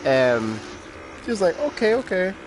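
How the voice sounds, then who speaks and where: A man in casual chat, animated and slangy, laughing often. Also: high voice, measured pace, a little hiss or hum. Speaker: podcast co-host.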